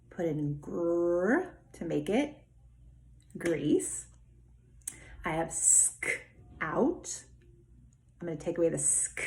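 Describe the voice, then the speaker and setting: Slow, low-pitched woman teaching phonics. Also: darkish tone. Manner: slow, clearly enunciated, encouraging teacher talk. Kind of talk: remote phonics lesson.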